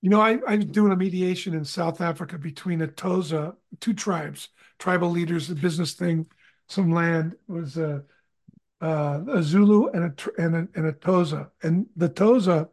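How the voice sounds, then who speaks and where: High-voiced man telling a story. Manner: relaxed, anecdotal, frequent restarts. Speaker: guest, conflict consultant. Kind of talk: conversational storytelling.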